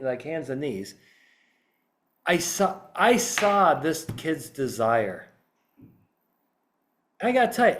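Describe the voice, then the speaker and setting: A middle-aged man, a trial consultant, telling a story in podcast talk and acting out how he would address jurors. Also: medium pitch. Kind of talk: podcast talk acting out a voir dire example.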